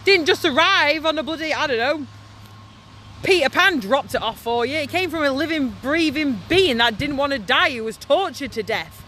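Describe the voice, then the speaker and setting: A woman's voice: high voice, animated, moderate pace, bright, forceful tone, a little hiss or hum. A woman activist delivering an angry, impassioned vlog monologue outdoors by a slaughterhouse in the hail and rain. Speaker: animal rights activist.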